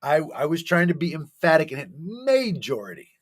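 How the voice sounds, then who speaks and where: A man's voice: a little high, steady tone, fast, fairly bright tone. A man co-hosting a casual chat show, stammering and defending himself against teasing. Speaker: podcast co-host.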